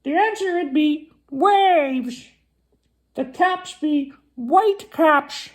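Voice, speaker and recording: A man doing a squawky high parrot. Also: extremely slow, exaggerated voice. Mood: excited. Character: squawking female parrot on a pirate ship.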